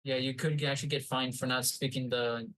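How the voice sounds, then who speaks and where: A man's voice: mid-range voice, flat delivery, brisk, fairly bright tone, rough recording. A man co-hosting a podcast, rambling along in casual chat full of fillers and restarts. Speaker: podcast co-host.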